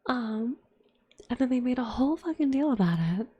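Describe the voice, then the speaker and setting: A woman's voice: high voice, expressive, fast talker, dark tone, husky, highs cut off. A young adult woman telling a candid, profane personal story in whispered ASMR chat, full of fillers. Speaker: streamer.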